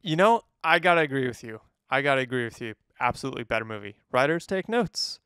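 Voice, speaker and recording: A man's voice: medium pitch, expressive, quick pace, a bit bright, smooth, no room sound, studio quality. A man co-hosting a movie review podcast, bantering playfully in a casual chat. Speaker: podcast co-host.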